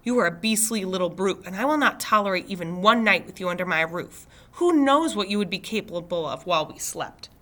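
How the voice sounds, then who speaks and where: A stern foster mother with formal, lofty speech and a bright, clear tone, read aloud by a woman. She scolds with clipped, proper sentences. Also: medium pitch, animated, fairly quick, hardly any pauses, natural voice. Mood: scolding.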